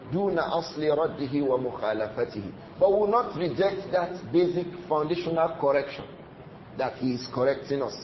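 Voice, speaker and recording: Man teaching in a roomy, dull recording. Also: on the high side. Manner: reads Arabic passages quickly, then explains them in repetitive, emphatic English. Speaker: Islamic teacher. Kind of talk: religious lecture explaining a classical text. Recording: roomy, slightly dull recording with faint noise.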